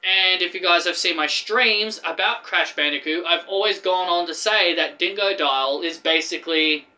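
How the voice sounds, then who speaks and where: Australian male streamer, rambling reaction chat, high bright voice. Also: normal speed, poor audio. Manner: rambling, excitable, laughs often. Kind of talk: casual reaction commentary.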